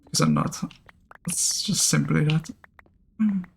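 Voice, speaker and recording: A man's voice: a little high, wildly swooping pitch, measured pace, gravelly, slightly rough. A man from Switzerland with a Swiss French accent, chatting casually on a live gaming stream, rambling with many fillers and restarts as he answers chat.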